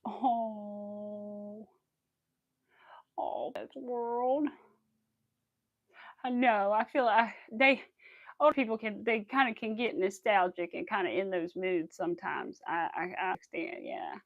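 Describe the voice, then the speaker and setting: A woman's voice: mid-range voice, takes it slowly, long pauses, dry recording, lo-fi sound. A young woman chatting casually while she crafts, exclaiming often and saying y'all. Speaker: crafting vlogger.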